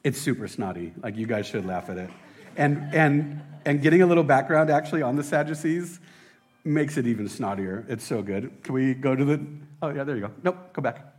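A man preaching a casual sermon as a pastor, excitable and rambling, often laughing at himself. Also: mid-range voice, a little fast. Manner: excitable, rambling, self-deprecating.

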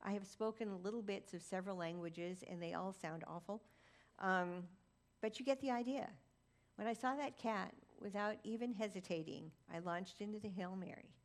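A woman's voice: fairly low pitch, gravelly, darkish tone. A woman preaching a sermon, telling a personal story with dry, humorous asides. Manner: recites Latin prayer.

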